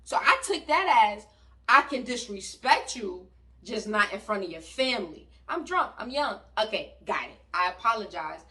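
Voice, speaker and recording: A woman from New York with a New York accent, telling a story in an animated, loud and slangy way and talking to her viewers. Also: mid-range voice, normal speed. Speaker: vlogger. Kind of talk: storytime vlog. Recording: voice a bit distant from the mic.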